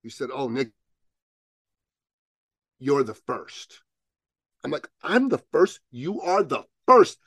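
A man telling a story as a podcast guest, acting out both sides of the dialogue with rising, loud peaks. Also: mid-range voice, very animated, slow, pauses often, husky, no room sound, studio quality. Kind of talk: animated storytelling in an interview.

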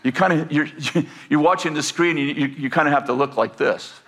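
A man's voice: on the high side, brisk, a bit bright. Older man preaching, folksy storyteller. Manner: folksy, rambling storyteller with many fillers and restarts; rising, emphatic preaching in declarations. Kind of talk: sermon with personal storytelling.

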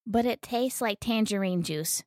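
A woman's voice: mid-range voice, a little slow, a little mellow, no echo, clean studio sound. A woman co-hosting a casual podcast, talking in an enthusiastic, teasing way. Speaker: podcast co-host.

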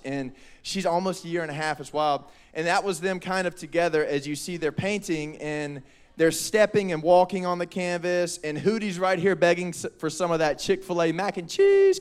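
A young man, preaching a lively, joking youth sermon. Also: fairly high pitch, clear, resonant tone. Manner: animated, joking, quotes people in voices. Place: church hall.

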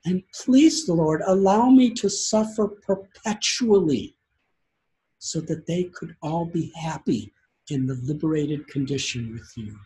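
A man voicing a pleading devotee, slow and heartfelt. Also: on the high side, darkish tone, slight background noise, rough recording. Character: grieving devotee man begging to bear all sins.

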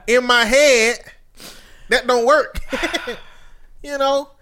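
A man's voice: extremely high pitch, steady tone, extremely slow, pushed and bright. A man co-hosting a podcast in casual banter, joking and emphatic, laughing often. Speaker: podcast co-host.

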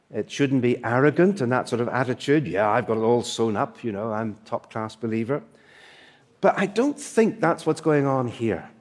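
A male preacher giving a sermon, emphatic and fond of rhetorical questions and asides. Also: medium pitch.

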